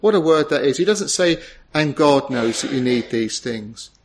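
A man's voice: medium pitch, expressive, moderate pace, background noise. A middle-aged man preaching a sermon, earnest and tender, rising to emphatic peaks.

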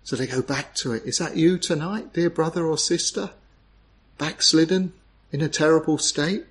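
Brief: male preacher, slightly high voice, earnest and pleading, full of rhetorical questions. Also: normal speed. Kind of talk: sermon.

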